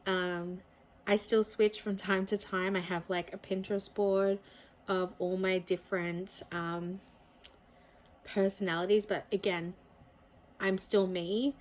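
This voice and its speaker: A woman's voice: mid-range voice, flat delivery, takes it slowly, low-quality recording. A young adult woman speaking candidly and openly to camera in a personal confessional vlog. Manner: candid, open, speaks from feeling. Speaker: vlogger.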